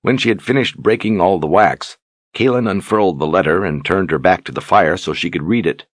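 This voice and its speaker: A man narrates a fantasy audiobook with a steady, measured delivery. His voice sits very low with a husky grain. The sound is dry and close. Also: no room sound. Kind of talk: scripted narration.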